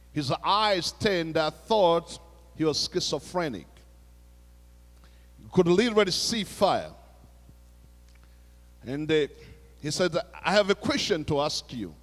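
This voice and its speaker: A man preaching a sermon, telling a story in a hushed voice and then raising it to exhort the congregation. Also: on the high side. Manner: storytelling preacher, shifts between hushed retelling and raised exhortation. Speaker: pastor. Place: church sanctuary. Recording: long church hall reverb.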